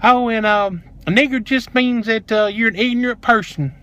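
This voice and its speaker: Brief: a breezy young woman clerk, high-ish and offhand, as a man mimics her. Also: moderate pace, a bit bright, highs cut off. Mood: dismissive. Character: casually bigoted young woman store clerk.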